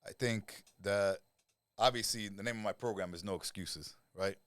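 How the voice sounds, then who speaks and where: A middle-aged man, a lifestyle coach talking as a podcast guest, who tells animated stories, swears freely and acts out the people he quotes. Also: fairly low pitch, moderate pace, dry recording. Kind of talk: casual podcast conversation.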